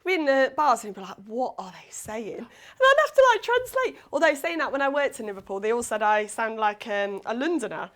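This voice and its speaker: A woman's voice: on the high side, big pitch swings, fast talker, fairly bright tone. Friendly woman sewing demonstrator. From Leicestershire. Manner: friendly, explains step by step. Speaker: sewing expert guest. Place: TV studio.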